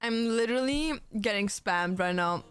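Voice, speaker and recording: A woman's voice: medium pitch, lively intonation, moderate pace, clean tone, no echo. A woman livestreamer chatting casually and playfully, laughing and thanking viewers for donations. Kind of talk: casual live-stream chat.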